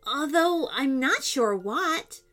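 Woman voicing an eager young boy, older brother, lifted bright pitch, storybook, lively. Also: takes it slowly, faint music behind, heavily acted.

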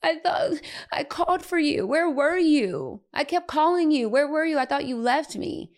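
A woman's voice: high-pitched, expressive, moderate pace, voice pushed up. A woman acting out a tearful five-year-old boy wailing for his mommy. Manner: calling out over and over, pleading. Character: little boy of five, crying for his mother.

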